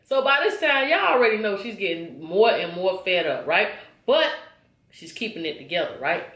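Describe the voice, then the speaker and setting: A woman's voice: medium pitch, normal speed. Chatty storytelling woman in an echoey room. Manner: chatty, animated, keeps checking in with viewers. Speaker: vlogger. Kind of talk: casual storytime.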